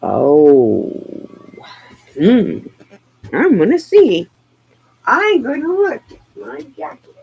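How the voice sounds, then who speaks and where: A woman streaming live, chatting casually in an excitable, rambling way and laughing easily. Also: on the high side, extremely slow, vocal fry, pauses often, highs cut off, a little hiss or hum.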